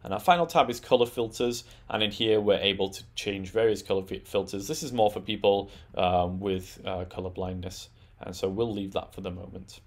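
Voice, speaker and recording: A man presenting a tech tutorial, talking through settings in a relaxed, explanatory way with frequent "um" and "uh". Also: low-pitched, normal speed, hardly any pauses. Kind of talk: screen-recorded software walkthrough.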